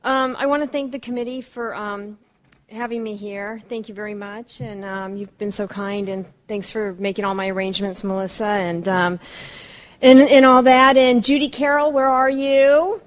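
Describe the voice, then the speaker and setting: A woman's voice: medium pitch, steady tone, normal speed. A woman in her fifties from Southern California tells her life story at a recovery meeting, hesitant and full of ums, with wry humor. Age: 50s. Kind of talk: personal storytelling talk.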